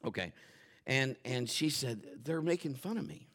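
A middle-aged male pastor preaching a sermon, telling family stories in an animated way and acting out the voices of the people in them. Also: mid-range voice, normal speed. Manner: animated storytelling, acts out quotes and shouts for effect.

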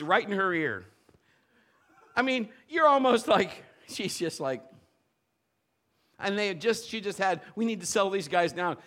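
A man preaching a sermon, telling lively personal stories and acting out the voices of the people in them. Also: sits high. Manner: animated storytelling, playful quoted voices. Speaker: pastor.

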